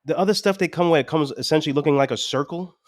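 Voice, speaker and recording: A man's voice: fairly high pitch, racing, dry recording, studio quality. A man with a New York accent co-hosting a casual sports podcast, griping bluntly and repeating his points. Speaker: podcast co-host.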